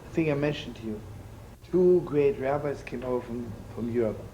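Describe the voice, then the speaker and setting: A man's voice: medium pitch, normal speed, dark tone, muffled recording. A man giving a storytelling sermon with jokes, acting out the voices in his stories. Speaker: rabbi giving a talk. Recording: live talk with faint room noise.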